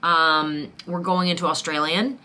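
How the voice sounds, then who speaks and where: A woman's voice: deep voice, fairly even intonation, measured pace, bright, forceful tone, a little hiss or hum. A young adult woman actor chatting casually to camera, bubbly and enthusiastic. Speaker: actor and vlogger.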